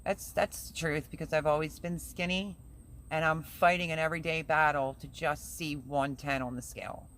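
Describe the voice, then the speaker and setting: A woman's voice: low-pitched, fairly even intonation, normal speed, fairly bright tone, slight background noise. A woman hosting a casual live stream who vents chattily and reads viewer comments aloud. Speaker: livestream host.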